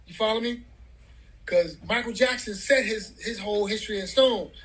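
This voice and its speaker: A man's voice: high-pitched, normal speed, fairly bright tone, low-quality recording. A middle-aged man telling a heartfelt story as a guest in an interview, in loose, casual talk full of "man" and "bro".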